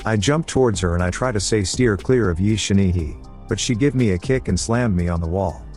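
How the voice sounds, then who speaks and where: A man reading a story recap as narrator, voicing every character himself in a flat read-through. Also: on the low side, brisk, faint music behind. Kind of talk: scripted recap narration, voicing all roles.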